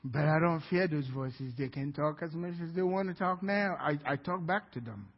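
A man preaching a sermon as pastor, telling a story with laughter and rising to shouts. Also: fairly high pitch, normal speed, breathy edge. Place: church hall. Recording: dull lo-fi recording in a reverberant church hall.

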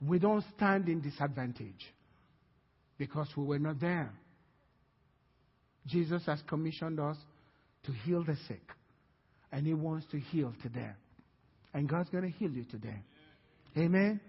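A man preaching a sermon as pastor, telling the story in a lively way and acting out scenes in different voices. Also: a little high, unhurried, long pauses, slightly rough. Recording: reverberant hall, dull sound.

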